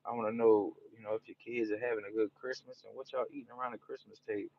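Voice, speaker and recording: A man's voice: fairly low pitch, level tone, quick pace, gravelly, highs cut off. Laid-back New Orleans man streaming. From New Orleans, Louisiana. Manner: laid-back, rambling, peppered with "you know". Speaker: livestreamer. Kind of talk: casual live-stream chat with viewers.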